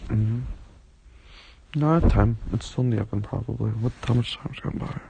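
A young man in an intimate boyfriend role-play, talking in a relaxed, teasing, affectionate way with many soft hums, as if in bed. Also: fairly low pitch, moderate pace, gravelly, slight background noise. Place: bed, indoors.

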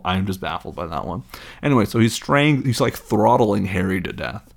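A man's voice: lowish voice, animated, normal speed, gravelly. A man casually retelling a film scene, rambling and incredulous, with lots of fillers.

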